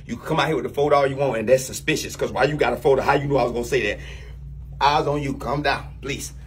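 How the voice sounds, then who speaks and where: A man playing a new boss in a comedy sketch, bossy, loud and teasing, with big swings in pitch. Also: quick pace, background noise.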